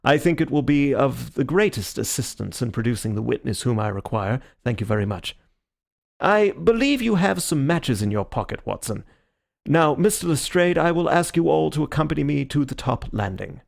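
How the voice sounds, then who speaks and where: In an audiobook reading, a man with a mid-range voice and some vocal fry plays a calm, theatrical gentleman detective. The character comes across as measured and courteous.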